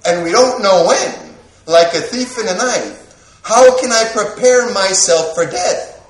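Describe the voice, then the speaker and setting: A man preaches with a fairly high voice, taking his time and leaning on rhetorical questions. He speaks as a priest and chaplain addressing his congregation warmly and directly. The sound carries a noticeable room echo. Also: animated, unhurried, background noise. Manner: earnest preaching with repeated "my dear friends" and rhetorical questions. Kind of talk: sermon.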